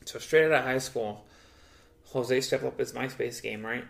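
Gravelly young man telling profane stories. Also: normal speed. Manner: loose and profane, acts out quoted voices with big pitch jumps. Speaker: podcast co-host. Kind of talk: casual storytelling chat.

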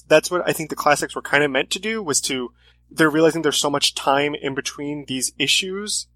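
Earnest man with a higher voice. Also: a bit bright. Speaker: comic podcast co-host. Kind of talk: casual chat.

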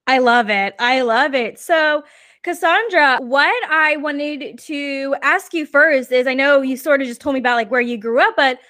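Bright, effusive woman podcast host. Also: high voice, normal speed, no room sound. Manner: upbeat and effusive. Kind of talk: podcast intro and interview.

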